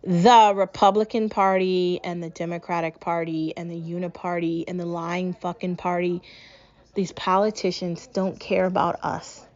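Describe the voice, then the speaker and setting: A woman's voice: fairly low pitch, little pitch movement, moderate pace, darkish tone, lo-fi sound. A young woman from New England hosting a solo podcast, ranting angrily and swearing a lot. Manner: angry, profane, ranting. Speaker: podcast host. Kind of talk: solo political rant podcast.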